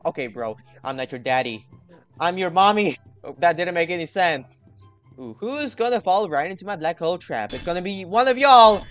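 High-voiced excited young gaming host. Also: male voice. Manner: energetic, talks to viewers, hypes himself up. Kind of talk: excited gameplay commentary.

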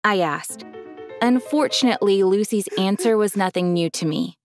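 A woman narrating her own story in an expressive, casual way. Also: mid-range voice, normal speed, faint music behind.

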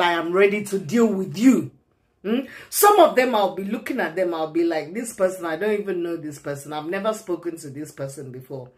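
Furious woman ranting and shouting. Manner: furious, swings between shouting and low muttering, repeats lines. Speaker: vlogger. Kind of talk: angry ranting vlog to camera.

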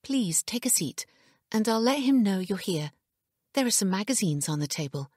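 A woman's voice: mid-range voice, very animated, darkish tone, slightly rough, no room sound, studio quality, voice pushed up. A woman voicing a polite, tightly composed clinic receptionist in an audiobook. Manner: professionally polite, brisk. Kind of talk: audiobook character voice.

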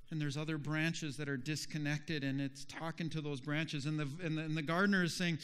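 A male pastor preaching a sermon, telling a story slowly and dramatically with emotional swells. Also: fairly high pitch, steady tone, a bit bright, clear, resonant tone.

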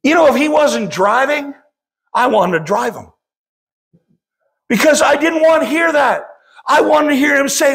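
A man's voice: very high-pitched, measured pace, creaky, long pauses, a bit bright. A middle-aged man preaching a sermon as pastor, impassioned and often calling out to the congregation.

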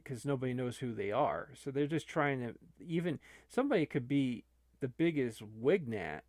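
A man's voice: mid-range voice, animated, normal speed, darkish tone, no room sound, clean studio sound. A man, an online video creator, talking casually and rambling with many restarts.

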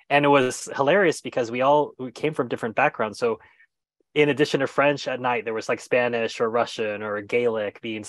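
A man giving casual advice on a video call, animated and enthusiastic, and often restarting mid-phrase. His voice sits at a middling pitch. The sound is dry and close, with no room echo. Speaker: guest expert on moving abroad.

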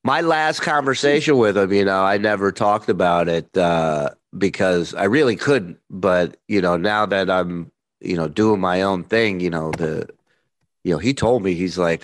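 A man's voice: deep voice, measured pace. A man hosting a podcast, talking earnestly about a late mentor in a casual chat. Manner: earnest, reflective. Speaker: podcast host.

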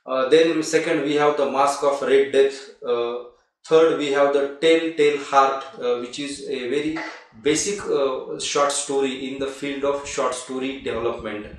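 A man's voice: medium pitch, steady tone, measured pace. A man teaching a literature lesson online, explaining a poem step by step with frequent "uh" fillers. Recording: echoey room, mic at a distance.

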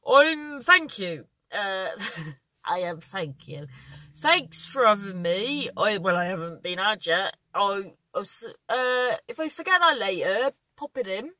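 A woman from Cornwall rambles through a comic monologue, breaking off mid-thought. Her voice swings widely in pitch and sounds bright and forward. She talks at an unhurried pace close to a handheld phone outdoors. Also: very animated, no echo. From Cornwall, England. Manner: scattered, self-interrupting, chatty. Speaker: comedian. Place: outdoors, windy. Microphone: phone held in hand.

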